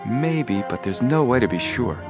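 A man reading the part of an eager, excitable teenage boy detective in a storybook. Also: medium pitch, normal speed, music in the background, voice pushed up, natural voice. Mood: reasoning.

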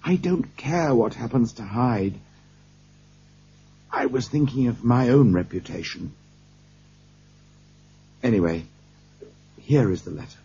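A man's voice: mid-range voice, animated, slow, long pauses, dark tone, breathy edge, exaggerated voice. A man reading a thin, tired, feverish doctor. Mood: anxious. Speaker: character in an audiobook. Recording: dull lo-fi cassette tape.

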